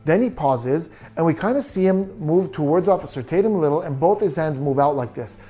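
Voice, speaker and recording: True crime commentator breaking down body language, question after question, soft music underneath. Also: medium pitch, expressive, fairly quick. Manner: analytical, poses many questions.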